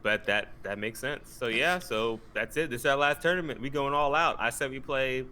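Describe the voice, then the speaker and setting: A man's voice: mid-range voice, moderate pace, bright, forceful tone, slight background noise. A young man co-hosting a casual esports podcast, joking in laid-back banter. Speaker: podcast co-host.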